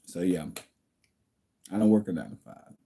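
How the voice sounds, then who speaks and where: A man speaks in a low, mellow voice on a casual livestream, recorded at home. He reads out viewer comments and answers them bluntly, in a preachy tone. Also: expressive, moderate pace, vocal fry, breathy edge.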